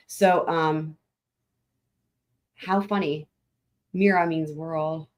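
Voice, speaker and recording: A woman's voice: deep voice, fairly even intonation, very slow, long pauses. A woman hosting a casual livestream, chatting with her viewers in a rambling, laughing way, with a lilt. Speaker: livestream host.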